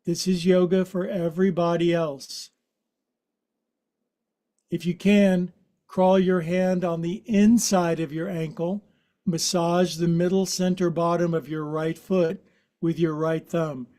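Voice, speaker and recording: A man's voice: a little high, flat delivery, takes it slowly, dark tone. A man in his sixties leading a guided yoga class, giving instructions in a playful, joking, chatty way. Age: 60s. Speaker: yoga teacher.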